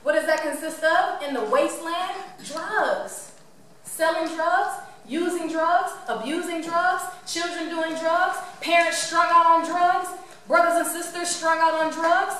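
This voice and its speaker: A woman tells her story to a live audience in a high, lively voice. She is playful and keeps asking the room questions. The sound is echoey and distant, with faint room ambience behind her. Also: measured pace, a little hiss or hum. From Cleveland, Ohio. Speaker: motivational speaker.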